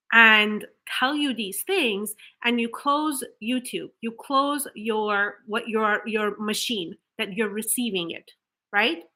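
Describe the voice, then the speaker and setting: A woman manifestation coach giving an earnest motivational talk to camera, explaining with rhetorical questions and restarts. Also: a little high. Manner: acts out flat, hollow example affirmations.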